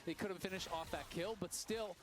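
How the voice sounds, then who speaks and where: A man giving analytical color commentary on an esports match in a relaxed, explanatory way. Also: sits high, brisk.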